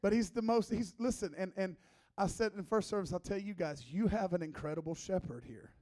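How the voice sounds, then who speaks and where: A man's voice: high-pitched, fairly quick. A man in his thirties preaching as a guest, a joking, conversational sermon full of teasing asides. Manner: playful, teasing, lively asides.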